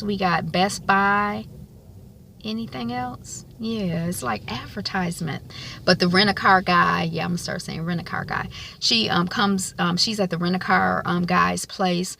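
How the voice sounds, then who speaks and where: A woman's voice: lowish voice, gravelly, pushed and bright. A woman giving a casual spoken recap of a TV episode, chatty and loose, with many filler ums. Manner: colloquial, loose grammar. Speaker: TV episode reviewer.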